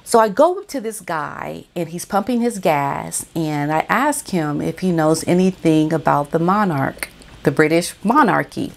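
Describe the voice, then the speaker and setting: A woman vlogger giving casual, animated commentary and talking straight to her viewers. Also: low-pitched, measured pace, creaky.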